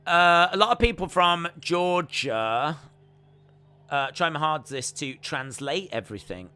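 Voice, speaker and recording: A man's voice: a little high, big pitch swings, a little slow, sharp tone, clear, resonant tone. A man hosting a live fight watch-along, chatting with viewers, reading out their comments and calling the action. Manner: calls the fight action play-by-play. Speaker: live-stream host.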